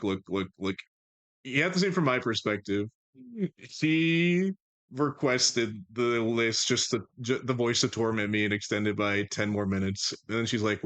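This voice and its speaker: Excitable, teasing male streamer. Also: mid-range voice. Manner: excitable and teasing, quick stammered restarts, laughing. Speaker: streamer host. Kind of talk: live stream chat.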